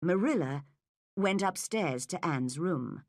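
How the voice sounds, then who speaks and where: A woman narrating a graded story for English learners, slow, clear and expressive. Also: fairly low pitch, no room sound, studio quality. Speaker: audiobook narrator.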